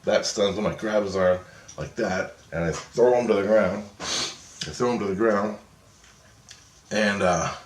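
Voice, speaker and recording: A man casually telling a rambling, excitable story and swearing freely as he goes. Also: fairly low pitch, unhurried, pauses often, a little hiss or hum. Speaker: vlogger. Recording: echoey room.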